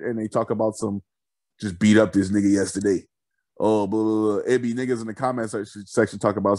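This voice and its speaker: A man co-hosting a podcast in casual chat, profane and animated, laughing often. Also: fairly low pitch, no room sound, studio quality. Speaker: podcast co-host.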